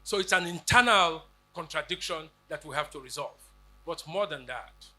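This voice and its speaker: Rousing man giving a lecture, bright voice. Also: fairly high pitch, expressive, normal speed. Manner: rousing, rhetorical, with acted quotes. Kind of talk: public lecture.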